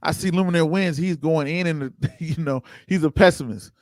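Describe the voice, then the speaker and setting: Male livestream host, slightly high voice, casual and chatty, close dry mic. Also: moderate pace, dry recording. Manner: loose, conversational, chats with viewers by name. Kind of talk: casual livestream commentary reading chat.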